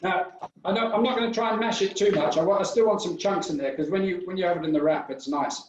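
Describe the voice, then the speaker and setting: A man chef explains a recipe patiently, one step at a time. His voice sits a little high. It comes across dull and roomy, picked up from some distance. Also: quick pace. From United Kingdom. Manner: instructive, step-by-step. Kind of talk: cooking demonstration. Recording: echoey room, distant mic, dull sound.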